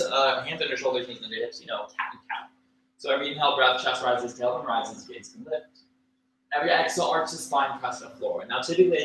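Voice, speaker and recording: A man teaching a livestreamed yoga class, cueing poses and breaths in a relaxed, casual way with fillers and small jokes. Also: medium pitch. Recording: echoey room with faint ambient noise.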